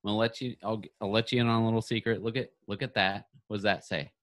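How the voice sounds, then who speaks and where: A man's voice: fairly low pitch, fairly even intonation, quick pace, a bit bright. A man co-hosting a podcast over a video call, bantering in a playful, teasing way. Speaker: podcast co-host.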